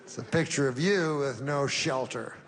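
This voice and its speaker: On a club stage, a man performs stand-up into a handheld mic, deadpan and rambling, tossing in folksy asides while the audience laughs. His voice sits at medium pitch and moves at a normal speed, with a little hiss or hum in the audio.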